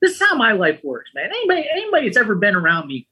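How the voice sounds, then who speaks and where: Man host, husky and bright, chatty storyteller with a lively, swinging delivery. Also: high-pitched, very fast. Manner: lively, chatty, often adds "right?" and "man". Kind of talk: casual storytelling chat.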